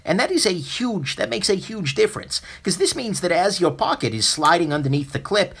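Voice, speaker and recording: A man hosting a live knife review stream, talking in a bright, clear tone. His pitch swings widely as he jokes and wanders through asides, with plenty of ums and restarts. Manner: lively, joking, with many fillers. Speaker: host.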